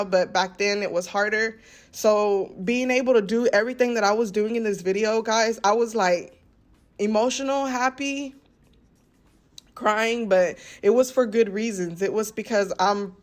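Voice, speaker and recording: An American woman talks to her viewers in an earnest, rambling voice-over. She keeps doubling her words for emphasis, "very, very" again and again, and her voice sits at an ordinary middle pitch. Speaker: lifestyle vlogger. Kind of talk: heartfelt voice-over chat.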